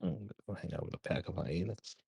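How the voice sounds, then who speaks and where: A man's voice: low-pitched, a little fast, vocal fry, dark tone, breathy edge. A man playing in a live tabletop game, bantering in a joking, slangy way. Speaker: player. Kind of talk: casual chat during a tabletop game.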